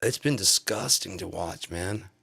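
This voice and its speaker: Man, live streamer, angry rant, profane, insulting, lowish voice. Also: expressive, unhurried, creaky, pushed and bright, slightly rough.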